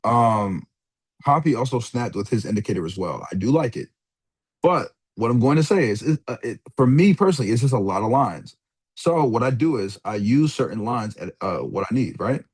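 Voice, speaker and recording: A young man rambles through a casual trading lesson over a screen share, his voice lowish, a little mellow and slightly rough. He's laid-back and full of slang, swearing freely and calling his listener "dog" and "bro."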